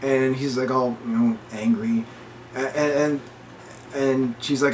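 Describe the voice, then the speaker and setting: A man's voice: mid-range voice, fairly even intonation, a little slow, a little hiss or hum. A man co-hosting a casual chat, retelling a story with lots of quoted dialogue and restarts. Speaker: podcast co-host.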